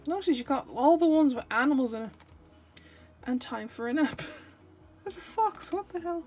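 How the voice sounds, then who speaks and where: A woman's voice: high-pitched, animated, normal speed, darkish tone, faint music behind. Chatty woman doing a tarot reading. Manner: chatty, playful, rambling with self-corrections. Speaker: tarot reader. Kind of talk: casual tarot reading to camera.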